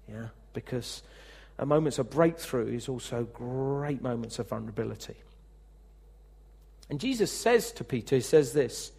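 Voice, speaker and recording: A man's voice: medium pitch, normal speed, gravelly, slightly rough. A man preaching a sermon as pastor, talking conversationally, asking the congregation questions, and acting out the speech he quotes. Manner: lively, acts out quoted speech.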